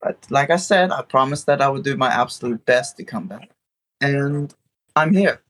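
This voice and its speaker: A charming German suitor, played by a man in a tabletop role-play. His voice stays calm and gently flirtatious, at an everyday mid pitch. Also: normal speed, natural voice.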